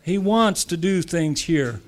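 A man's voice: fairly high pitch, lively intonation, slow. A man from the United States preaching a sermon to church leaders, emphatic and conversational, repeating phrases for effect. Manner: emphatic, rising to loud declarations; repetitive, conversational asides.

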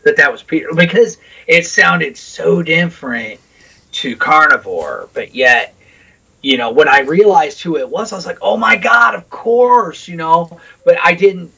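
A man co-hosting a podcast, chatting casually about music, animated and swearing freely, telling anecdotes. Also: a little high, unhurried, gravelly, breathy edge, recorded from a distance, poor audio. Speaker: podcast co-host.

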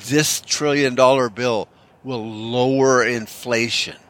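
A man rants off the cuff in a bright, forceful voice, swearing freely and doubling back on his words. His delivery is sarcastic and rambling, at an everyday pitch. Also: steady tone, takes it slowly. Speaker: commentator. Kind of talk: unscripted ranting commentary.

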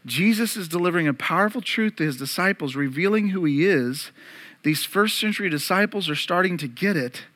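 High, bright-voiced preaching pastor man. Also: expressive, fairly quick. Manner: earnest preaching, asks the congregation direct questions. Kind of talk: Easter sermon.

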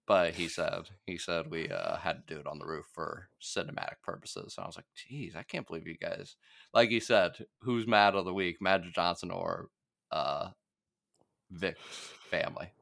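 A man co-hosting a podcast, chatting casually about a TV episode, laughing often and relaxed with fillers. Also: low-pitched, clear, resonant tone. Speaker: podcast co-host.

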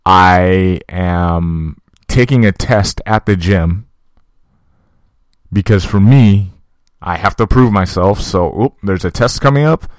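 A man's voice: low voice, slow pace, dry recording. A man, a fight coach, telling a story in a casual, profane, conversational monologue aimed at his listeners. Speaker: podcast host and fight coach.

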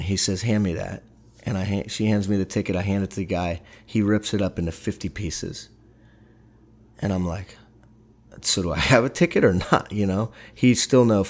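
A middle-aged man tells a personal story in a casual, animated way, with lots of halting restarts. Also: lowish voice.

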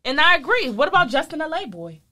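Bright, emphatic woman podcast co-host. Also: sits high, big pitch swings, fast talker. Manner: emphatic, opinionated, repeats "I will say this". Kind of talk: casual podcast chat.

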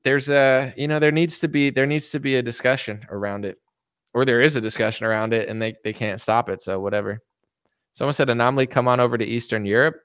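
A man's voice: medium pitch, steady tone, fast talker, fairly bright tone, clean tone, no room sound, studio quality. A man from the United States answering viewer questions in a casual, rambling, joking livestream chat. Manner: rambling, joking, reads viewer comments aloud.

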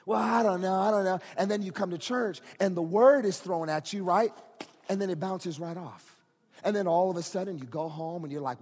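A pastor preaching a sermon, moving from quiet talk to shouted, rising preaching. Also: male voice, high voice, fairly quick, breathy edge, long reverb tail.

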